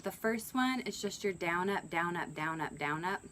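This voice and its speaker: A woman giving a relaxed music lesson, explaining strum patterns and counting beats aloud. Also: on the low side, moderate pace, a little hiss or hum, poor audio. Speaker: ukulele and guitar teacher. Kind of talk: instructional lesson. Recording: ukulele playing loud under the voice.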